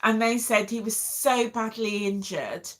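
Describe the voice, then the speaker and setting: A woman's voice: a little high, a little slow, a bit bright. A middle-aged woman, casually telling an emotional story to her viewers as a vlog host. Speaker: vlogger host.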